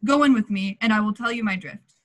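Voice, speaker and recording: A woman's voice: mid-range voice, fairly quick, close to an everyday voice. A teenage girl playing a genial, scheming male prince in a Shakespeare school play over a video call, speaking in a stately manner. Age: late teens. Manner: stately, matchmaking. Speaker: student actor.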